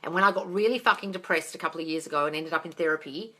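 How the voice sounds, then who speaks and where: Woman in her 40s ranting live on her phone, bright voice, swears a lot and shouts at viewers. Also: low-pitched, racing. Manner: exasperated, shouts and swears often. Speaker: manifesting coach answering live questions. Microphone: phone livestream.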